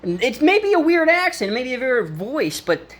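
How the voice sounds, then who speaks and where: A man's voice: extremely high pitch, sing-song, a little slow, fairly bright tone. A man from the United States talking in a rambling home vlog, urgent and emphatic, repeating himself and stumbling through restarts. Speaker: home vlogger. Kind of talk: rambling self-filmed vlog. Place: inside his own home.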